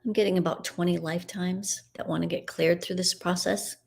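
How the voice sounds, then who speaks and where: A middle-aged woman hosting a live broadcast and leading a guided energy clearing in a meandering, soothing, spiritual way. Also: fairly low pitch, fairly even intonation, brisk, hardly any pauses. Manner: meandering, spiritual, soothing, with soft laughs and fillers.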